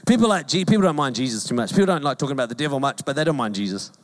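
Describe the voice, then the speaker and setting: A man with a New Zealand accent, a pastor preaching a sermon in a lively, joking way and mimicking calls in a high voice. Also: rapid-fire. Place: church hall.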